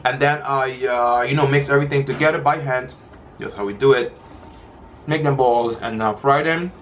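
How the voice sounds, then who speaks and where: A man talks at a relaxed pace through a home eating video, pausing to chew and drifting between topics. His voice sits at an ordinary middle pitch. A faint hiss of background noise runs under the recording. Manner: chatty, rambling, eating between words. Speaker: mukbang vlogger. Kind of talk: casual chat while eating.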